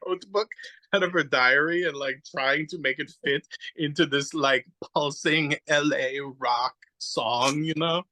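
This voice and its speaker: Bright-voiced man telling a rambling story. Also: fairly high pitch, a little slow, rough recording. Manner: rambling, animated storyteller who acts out quotes; searches aloud for names. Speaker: podcast guest. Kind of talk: casual chat.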